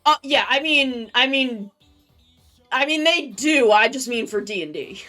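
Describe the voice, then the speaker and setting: Woman streamer rambling away, upbeat, kinda high voice. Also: animated, a little slow, sharp tone, soft background music. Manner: rambling, filler-heavy, upbeat. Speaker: streamer host. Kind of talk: casual chat on a live stream.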